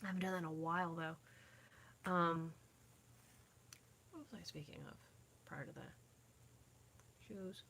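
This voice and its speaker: A woman's voice: on the low side, a little slow, gravelly, long pauses, fairly bright tone, a little hiss or hum. A young woman chatting casually with viewers from her home, rambling and losing her train of thought, recorded on a phone camera. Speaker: vlogger. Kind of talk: casual live chat with viewers. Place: inside a dim home.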